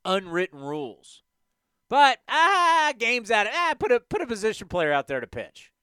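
A man's voice: high-pitched, wildly swooping pitch, moderate pace, sharp tone, smooth, no echo. A man hosting a sports talk show, ranting emphatically with rhetorical questions.

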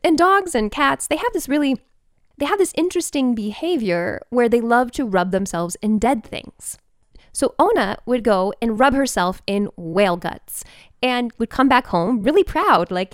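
Woman telling an animated personal story. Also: fairly high pitch, no echo, clean studio sound. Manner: animated, expressive, quick bursts.

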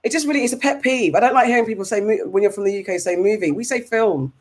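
Animated British woman ranting. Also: medium pitch, fast. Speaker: podcast co-host. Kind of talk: casual chat.

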